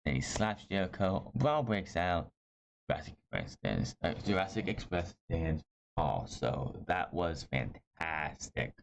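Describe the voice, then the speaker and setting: A deep, creaky male voice with big pitch swings and a measured pace gives a casual, opinionated wrestling show recap. He's blunt and rambling, often correcting himself mid-sentence. The lo-fi audio is slightly dull, with a faint hiss.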